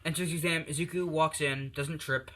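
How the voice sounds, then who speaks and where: Rambling man with a bright voice. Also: fairly high pitch, steady tone, normal speed. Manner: rambling, full of fillers. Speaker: storyteller. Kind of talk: improvised fan story narration. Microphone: tablet.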